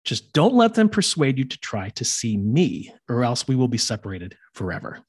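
A man voicing a gentle unseen husband. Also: mid-range voice, wildly swooping pitch, moderate pace, breathy edge, no room sound, clean studio sound. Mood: resigned.

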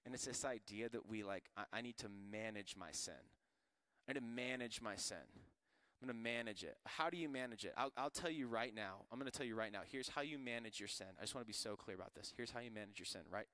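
A man's voice: mid-range voice, quick pace, sharp tone, clear, resonant tone, no echo. A man from Florida preaching a sermon in a casual, joking way full of slang. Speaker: pastor.

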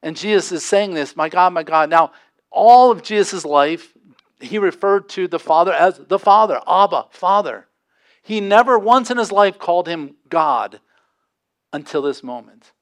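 A man preaching a sermon as pastor, impassioned, with dramatic pauses and sudden drops to a hush. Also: high-pitched, lively intonation.

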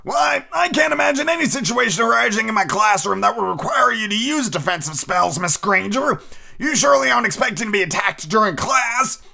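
A prim and sugary female schoolteacher voiced by a man, pitched far up into a sweet, syrupy register. She speaks down to others in a saccharine, condescending tone, as if reading aloud from a storybook. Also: lively intonation, brisk, gravelly, sharp tone, a little hiss or hum, heavily acted. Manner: high, saccharine, condescending delivery.

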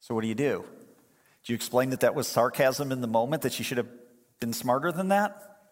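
Pastor preaching in a reverberant hall. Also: male voice, mid-range voice, a little fast. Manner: conversational, humorous storytelling. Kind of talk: sermon.

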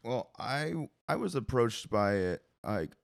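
A man's voice: medium pitch, big pitch swings, unhurried, gravelly, no room sound, studio quality. A male drummer answering interview questions casually, hesitant and full of fillers and restarts. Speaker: drummer and percussionist.

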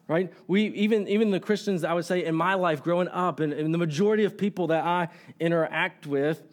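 A man preaching a sermon in earnest, often asking the congregation "right?" and slowing down to stress quoted lines. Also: on the high side. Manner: stumbling restarts, slows to stress quotes.

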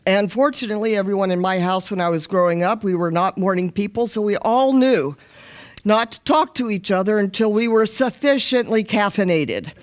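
A woman's voice: mid-range voice, moderate pace. A middle-aged woman, a missionary guest preacher, praying and then preaching with humorous stories and call and response. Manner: warm, humorous storytelling with congregational call and response. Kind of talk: sermon with opening prayer.

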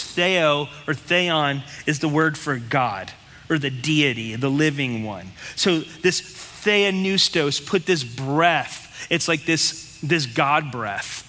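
A man's voice: fairly high pitch, lively intonation, slow pace, pushed and bright, long reverb tail. A man preaching a sermon as pastor, talking bluntly and conversationally, with lots of rhetorical questions.

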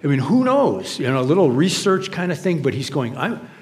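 A man's voice: fairly high pitch, very animated, brisk, darkish tone. Conversational male pastor in a reverberant hall. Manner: conversational, paraphrasing scripture in a casual voice. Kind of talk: sermon.

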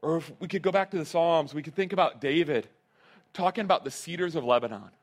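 A man's voice: a little high, fast. Earnest man preaching a sermon. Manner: earnest, emphatic, repeats key phrases. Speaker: pastor.

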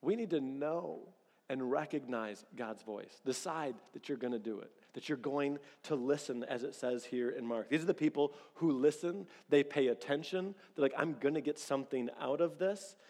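A man preaching a sermon as pastor, telling lively stories and acting out bits of dialogue. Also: medium pitch, moderate pace, in a large hall. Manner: animated storytelling, acts out quoted dialogue.

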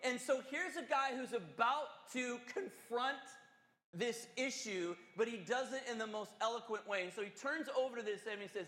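A male pastor preaching a sermon, telling a story in an animated, conversational and earnest way. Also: extremely high pitch, moderate pace. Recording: echoey hall.

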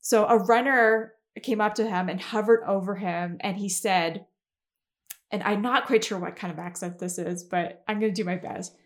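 A woman's voice: medium pitch, steady tone, normal speed. A woman hosting a podcast, giving a casual history recap in a chatty way with fillers and frequent giggles. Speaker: podcast host.

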